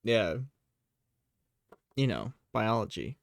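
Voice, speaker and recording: A man's voice: lowish voice, big pitch swings, takes it slowly, vocal fry, no echo. A man running a tabletop game, chatting playfully and narrating a pet cat's antics. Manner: playful, narrates a cat in silly voices. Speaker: game master. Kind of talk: casual chat.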